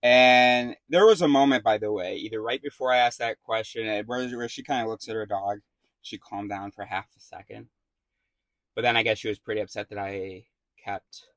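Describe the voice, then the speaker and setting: A man's voice: fairly low pitch, normal speed, fairly bright tone, no room sound. A man casually telling a rambling story to the camera, swearing freely and restarting his sentences. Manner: rambling, profane, full of fillers and restarts. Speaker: vlogger.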